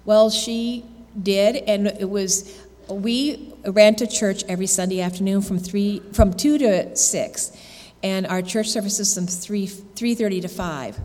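A woman's voice: medium pitch, unhurried, darkish tone. A woman giving an earnest sermon testimony from a church, telling a story with many restarts. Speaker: church speaker. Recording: long hall reverb.

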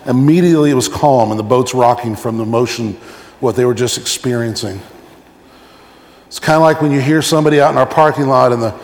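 A man's voice: mid-range voice, a little fast, a little hiss or hum. A male pastor preaching a sermon, telling stories and acting out little scenes along the way. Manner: animated storytelling, acting out examples. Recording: echoey hall.

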